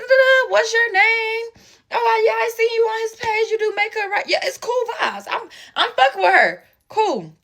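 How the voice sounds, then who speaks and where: A woman's voice: on the high side, creaky. A woman, telling a profane, slang-filled story in a casual story-time chat and acting out everyone's lines. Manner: animated, profane, slangy storytelling with quoted voices.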